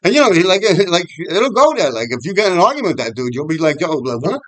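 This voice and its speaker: Out on a walking path, a middle-aged graffiti writer vlogger from New York City rambles through old graffiti stories, swearing a lot and often laughing. His voice sits high and a bit bright, very animated and fast, in a dry recording.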